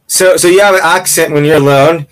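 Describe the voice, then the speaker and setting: A man's voice: fairly high pitch, steady tone, brisk, fairly bright tone, rough recording. A man hosting a casual interview, asking questions in a playful, teasing, rambling way.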